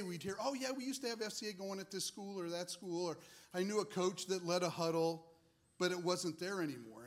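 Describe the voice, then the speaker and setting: Guy telling his story at church, kinda rambly, lotta "like" and "you know", slightly high voice. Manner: casual, rambling, many fillers. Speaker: ministry leader. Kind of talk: testimony to a congregation.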